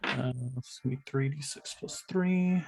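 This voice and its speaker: A man's voice: on the high side, moderate pace, a little mellow. Hesitant male tabletop player. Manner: hesitant, filler-heavy. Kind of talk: casual tabletop game chat.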